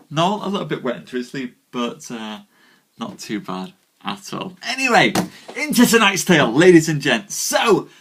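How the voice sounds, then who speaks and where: Man, live-stream storyteller, lively pitch, chatty and self-deprecating, a bit tired. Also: a little hiss or hum. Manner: animated, greets viewers warmly by name, self-deprecating. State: a little tired. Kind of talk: casual live-stream chat with viewers. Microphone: webcam or desk mic on a live stream.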